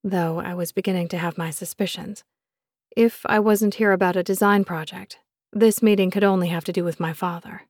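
A woman narrating a first-person romance novel in a measured, expressive reading voice on a close studio mic. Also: lowish voice, dry recording. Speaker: audiobook narrator.

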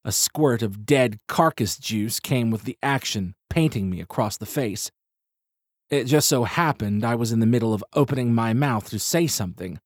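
A man's voice: mid-range voice, moderate pace, no echo. Man narrating a story, dry sound. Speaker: audiobook narrator. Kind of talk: first-person audiobook narration.

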